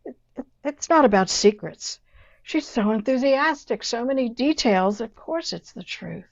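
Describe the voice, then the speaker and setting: An older woman talking with an old friend in a hesitant, halting, self-doubting way. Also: on the high side, expressive, vocal fry. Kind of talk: casual chat between old friends. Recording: dull lo-fi remote line.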